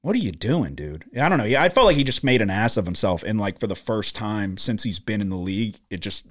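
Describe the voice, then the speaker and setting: A man's voice: lowish voice, expressive, brisk. Profane ranting man. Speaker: podcast co-host. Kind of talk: casual sports chat. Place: studio.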